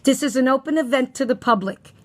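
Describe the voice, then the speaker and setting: A woman's voice: high voice, fairly quick, very noisy. A woman in a heated phone argument, accusatory and firm, lecturing the other side. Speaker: caller.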